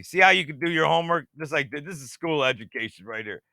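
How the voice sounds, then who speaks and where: A man rambling excitedly through screen-share commentary and talking straight to his viewers, who keeps asking if they see how it works. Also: a little high, quick pace, creaky, few pauses, clean tone, no room sound, clean studio sound. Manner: talks to viewers directly, half-mocking. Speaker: radar-watching channel host.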